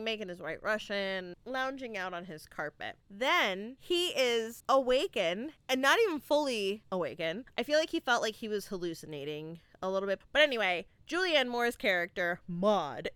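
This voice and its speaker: A woman hosting a casual movie review podcast, chatty and animated, peppering her talk with "like" and swearing freely. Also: a little high, clean tone, dry recording. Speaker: podcast host.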